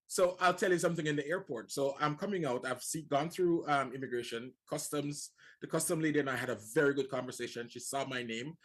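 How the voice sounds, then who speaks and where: A man's voice: on the high side, fairly quick, hardly any pauses. A man from Jamaica with a Jamaican accent, a guest on a talk show, telling his story earnestly and often repeating words as he starts. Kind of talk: casual talk-show conversation.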